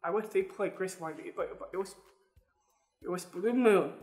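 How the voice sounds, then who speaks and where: A man's voice: sits high, normal speed, a little mellow. A young adult man telling a personal story straight to his listeners, earnest and repeating words as he goes. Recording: roomy sound with faint music.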